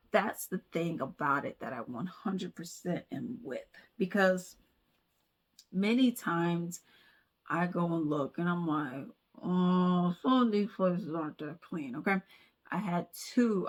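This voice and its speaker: Woman vlogger, casual commentary, animated storytelling, okay? tags. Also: lowish voice, a little slow.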